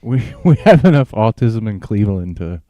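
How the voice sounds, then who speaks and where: A man's voice: lowish voice, sing-song, normal speed, no echo, dull audio. A man co-hosting a casual comedy podcast, rambling with many fillers and restarts and laughing often at his own jokes. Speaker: podcast co-host. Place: home recording with a video stream and live chat.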